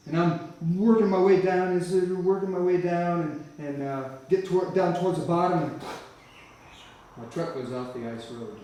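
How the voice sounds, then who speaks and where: A man telling his life story from the church floor, vivid and animated, often breaking off to restart a phrase. His voice sits a little high for a man. A very echoey hall carries it to a mic some distance away. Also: normal speed, a little hiss or hum. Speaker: church speaker giving a testimony. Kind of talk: storytelling sermon testimony.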